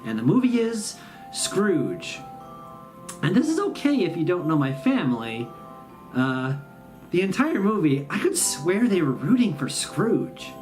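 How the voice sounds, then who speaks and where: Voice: medium pitch, big pitch swings, measured pace, darkish tone, faint music behind. A host, telling a sarcastic, rambling comic story about the holidays. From Midwestern US. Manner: sarcastic, rambling, self-mocking. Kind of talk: comedic storytelling monologue.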